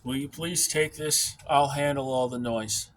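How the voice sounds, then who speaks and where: A man voicing his stern former-officer boss, who speaks calmly and dismissively. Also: medium pitch, measured pace, a little hiss or hum, lightly acted. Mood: calm, firm.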